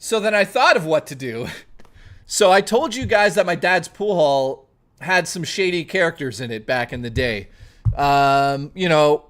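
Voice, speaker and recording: A man streaming from home, telling a long anecdote to his chat in a casual, profane, lively way. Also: a little high, measured pace.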